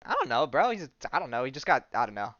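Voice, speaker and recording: A man's voice: medium pitch, big pitch swings, quick pace, fairly bright tone, no room sound, muffled recording. A man hosting a podcast, casually retelling a comic story with loose jokes and lots of fillers. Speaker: podcast host. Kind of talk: casual comic-book recap.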